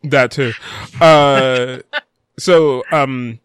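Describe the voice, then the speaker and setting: A man's voice: mid-range voice, steady tone, drawn-out words, a bit bright, smooth, dry recording, clean studio sound. A man hosting a casual podcast, reading news stories with frequent ums and uhs. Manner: reads news with many fillers. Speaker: podcast host.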